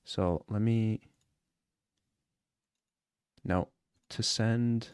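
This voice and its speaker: A man with a slightly low voice talks earnestly and casually, like a streamer reacting to a clip. He rambles a little and keeps checking in with his listener. The recording is close and dry, with no room sound. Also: steady tone, drawn-out words, a little mellow, clear, resonant tone, no room sound. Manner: earnest and rambling, often asks "you know what I'm saying?". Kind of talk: casual live-stream chat.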